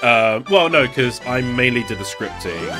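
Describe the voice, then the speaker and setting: A man's voice: mid-range voice, lively intonation, moderate pace, music in the background. Rambling young man on stream. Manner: rambling, with fillers and laughs. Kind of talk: casual stream chat.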